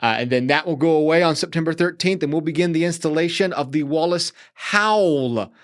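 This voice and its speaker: This is an upbeat man with a voice a touch higher than most, speaking as a guest on a casual podcast interview. He rattles off event listings quickly and eagerly. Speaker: guest, city tourism manager.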